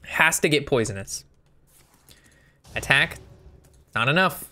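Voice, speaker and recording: A man's voice: fairly high pitch, animated, takes it slowly, sharp tone. A man giving casual gameplay commentary, thinking through his moves aloud and sometimes breaking into a sweary rant. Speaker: game streamer.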